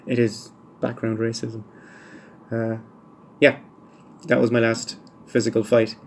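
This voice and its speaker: A man talks alone into the mic, working through listener questions in a dry, wry, wandering way. His pitch sits in the middle of the male range. A faint noise hums behind him. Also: darkish tone. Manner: dry, wry, musing asides. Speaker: podcast host. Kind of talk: solo podcast monologue answering listener questions.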